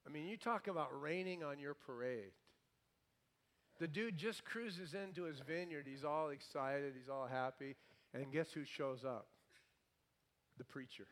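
A male pastor preaching a sermon, lively and playful, with comic asides. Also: on the high side, measured pace.

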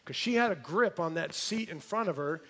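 A man preaching a sermon, telling a story in an animated way and praying. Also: a little high, normal speed. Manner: storytelling, animated, imitates voices.

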